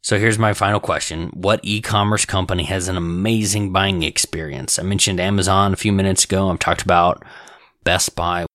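A man hosting his own solo podcast in a casual, conversational way, slightly hoarse, often restarting sentences and repeating key points for emphasis. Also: deep voice, steady tone, moderate pace, a bit bright, no room sound. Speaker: podcast host.

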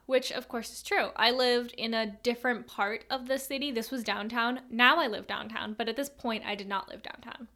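A woman's voice: fairly high pitch, moderate pace, few pauses, pushed and bright. A young woman in her twenties casually telling a personal story, chatty and rambling, full of fillers and tangents.

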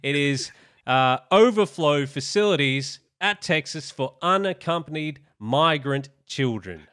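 An Australian man hosting a podcast, measured and wry, reading headlines aloud. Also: fairly high pitch, lively intonation, a bit bright, clear, resonant tone. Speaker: podcast host. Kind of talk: casual podcast commentary.

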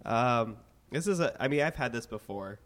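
A man with a cold and a raspy voice, chatting casually about beer with lots of filler words. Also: mid-range voice, expressive, moderate pace. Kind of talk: casual chat, beer tasting.

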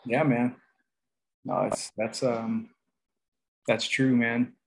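A man's voice: mid-range voice, level tone, takes it slowly, creaky, slightly rough. A man co-hosting a casual podcast, talking in a laid-back, rambling way and swearing freely. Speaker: podcast co-host.

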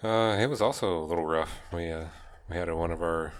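A young man co-hosting a laid-back podcast, his voice very deep. He chats casually and slips in dry, teasing one-liners. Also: fast. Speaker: podcast co-host.

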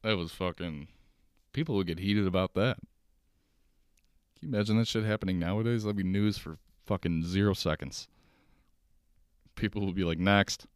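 A young man rambles through stories at his kitchen table, swearing freely and laughing as he goes. His voice sits very low and smooth, and the recording is close and dry with no room sound. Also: normal speed, pauses often, a little mellow, dry recording. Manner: loose, profane, rambling with laughs. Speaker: podcast host. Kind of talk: casual solo storytelling. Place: kitchen at home.

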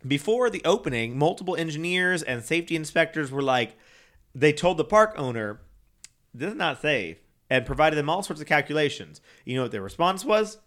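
A young man tells a story in a loose, rambling way, dropping swear words and laughing between thoughts. His voice sits a little high for a man. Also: big pitch swings, a little fast, fairly bright tone. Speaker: podcast co-host. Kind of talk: casual chat.

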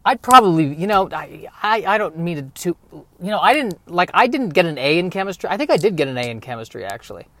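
A man's voice: high-pitched, big pitch swings, brisk, sharp tone, no echo. A man in his thirties hosting a podcast, rambling through a self-deprecating comedic monologue. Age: 30s. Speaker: podcast host.

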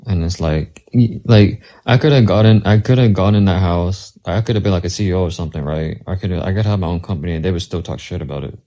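Deep, laid-back casual man. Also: quick pace, few pauses, dark tone. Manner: laid-back, many fillers like "like". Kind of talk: casual chat.

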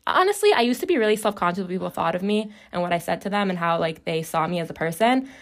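A woman's voice: lowish voice, expressive, fast talker. A young adult woman co-hosting a casual podcast with her sister, blunt and laughing, swearing freely. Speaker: podcast co-host. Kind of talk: casual chat. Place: bathroom floor at home.

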